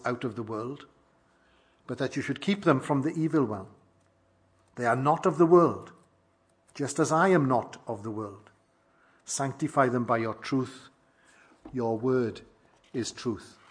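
A man delivers a sermon in a steady, deliberate way, pressing his points with emphasis and putting questions to his hearers. His voice has a husky, slightly breathy edge. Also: medium pitch. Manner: measured, emphatic preaching with rhetorical questions. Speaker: preacher.

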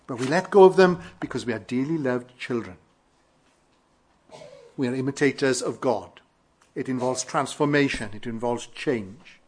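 A man from Wales with a Welsh accent, preaching an earnest sermon with emphatic rises and quiet falls. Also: mid-range voice. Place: church in London.

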